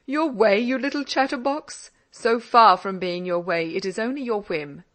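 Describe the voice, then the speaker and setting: A woman's voice: on the high side, normal speed, close to an everyday voice. A woman voicing an older Scottish father who indulgently teases his daughter in an audiobook. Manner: indulgent and gently mocking. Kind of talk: audiobook character reading.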